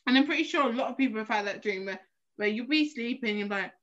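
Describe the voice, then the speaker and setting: A young woman from South East London, co-hosting a podcast in casual, lively chat. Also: on the high side, fast talker. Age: young adult. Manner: chatty, animated storyteller with frequent laughs. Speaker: podcast co-host. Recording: dull lo-fi recording.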